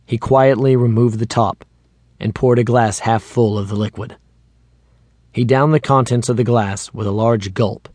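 A man narrating a suspense audiobook in a measured storytelling manner into a studio microphone. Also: fairly low pitch, darkish tone, dry recording. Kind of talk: scripted narration.

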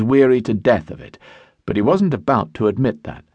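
A man narrating a historical romance audiobook in a measured storytelling voice, recorded in a studio. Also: mid-range voice, lively intonation, a little mellow, breathy edge, dry recording. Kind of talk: scripted narration. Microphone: studio mic.

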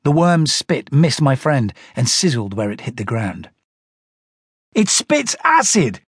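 A man narrating a children's audiobook in an animated storytelling manner. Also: medium pitch, moderate pace, husky, no room sound, studio quality.

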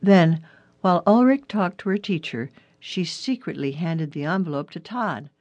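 An audiobook narrator reading a suspense story in a steady, even way. The voice sits at a middle pitch and is recorded close and dry, with no room sound. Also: normal speed, dry recording. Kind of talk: scripted narration.

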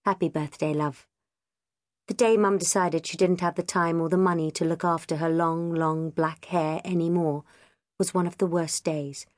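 A woman narrating a children's audiobook in the first person, with lively, expressive storytelling. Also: fairly low pitch, moderate pace, no echo, clean studio sound.

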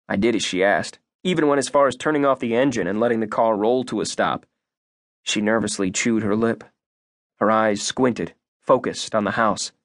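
Male audiobook narrator, first person, expressive and measured, dry close studio sound. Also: on the low side, dry recording.

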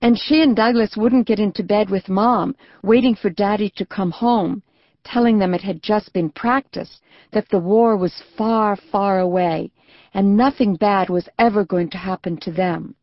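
A woman narrating a children's audiobook in a gentle, even storytelling manner. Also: mid-range voice, normal speed, no echo, highs cut off. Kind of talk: scripted narration.

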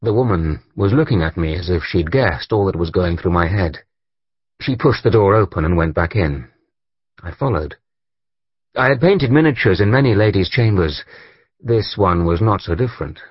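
A man narrating an audiobook in the first person, with a husky voice and an expressive delivery. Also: deep voice, normal speed, no echo, highs cut off.

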